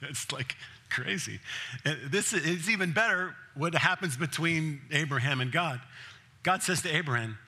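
A man's voice: fairly high pitch, normal speed. A man preaching a sermon as pastor, telling the story in a conversational way and acting out the scenes. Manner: laughs often, grows emphatic and louder.

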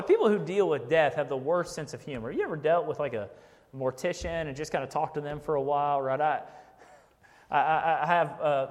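A man preaching in a relaxed, chatty way, tossing in jokes and a frequent "right?". His voice sits a bit high for a man. The sound carries the long reverb of a big church sanctuary. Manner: conversational, keeps asking "right?", jokes. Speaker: pastor. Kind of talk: sermon.

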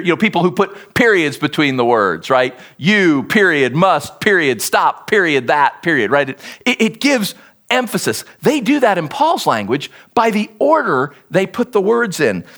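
Male pastor giving a sermon; high voice, very animated, emphatic teacher. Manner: expressive, emphatic teaching delivery.

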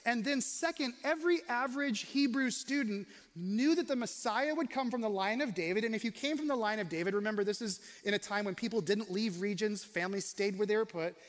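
Man, pastor, high voice, conversational sermon, long hall echo. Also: brisk, few pauses. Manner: conversational, questioning, varies pace for emphasis.

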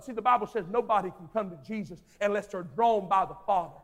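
Male preacher, very high-pitched, repeats lines, moves between hushed prayer and shouting, long hall reverb. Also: quick pace, few pauses. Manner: swings from soft intimate prayer to shouted exhortation; repeats phrases for emphasis. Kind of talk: sermon.

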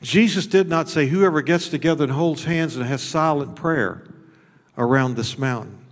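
A man preaching a sermon as pastor. His delivery is folksy and blunt, with repeated words, and it swings between shouted high peaks and low, close talk. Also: moderate pace. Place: church sanctuary. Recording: long hall reverb.

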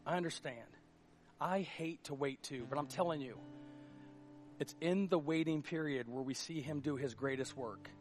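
A man preaching a sermon as pastor, impassioned and confessional, swinging between loud urgency and hushed admission. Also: a little high, normal speed, soft background music.

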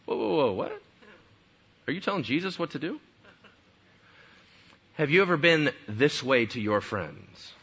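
Animated, bright-voiced male preacher. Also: a little high, moderate pace, long pauses, slightly rough, dull audio. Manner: conversational, asks rhetorical questions. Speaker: pastor. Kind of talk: sermon.

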